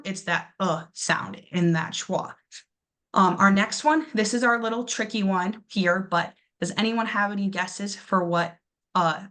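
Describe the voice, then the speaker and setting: A woman's voice: on the low side, fairly bright tone. A young woman teaching a classroom pronunciation lesson, encouraging her students and exaggerating syllables to demonstrate them.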